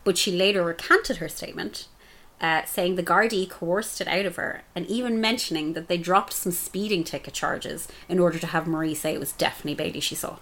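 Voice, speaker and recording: Fast-talking Irish woman podcaster. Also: lowish voice, fairly bright tone. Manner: fast, swearing, laughing often. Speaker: podcast co-host. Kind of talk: casual true-crime chat.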